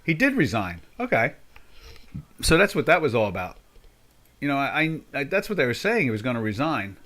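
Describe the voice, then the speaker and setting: Brisk and a bit bright, this older man's medium-pitched voice swings widely in pitch. He hosts a live trading stream, chatting casually and musing aloud as he adjusts settings.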